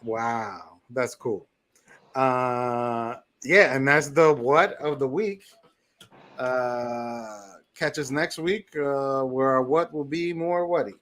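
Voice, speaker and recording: A relaxed man, co-hosting a casual podcast. He talks in an easygoing, joking way and drifts between topics at a loose, unhurried pace. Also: medium pitch. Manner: laid-back, joking, reads a closing quote. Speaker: podcast co-host. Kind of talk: casual chat.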